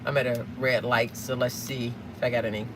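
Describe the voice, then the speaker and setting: A rambling woman chats away to her viewers from behind the wheel. Steady road noise hums under her voice, picked up by a phone inside the car. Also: extremely low pitch, fairly quick. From Southern United States. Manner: rambling, chatty, asks viewers questions. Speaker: live-streaming vlogger. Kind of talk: casual chat while driving.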